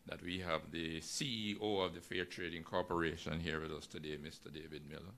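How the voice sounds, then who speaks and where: A man moderating a formal signing ceremony, thanking speakers and introducing guests in a measured, gracious way. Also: low-pitched, steady tone, fairly bright tone.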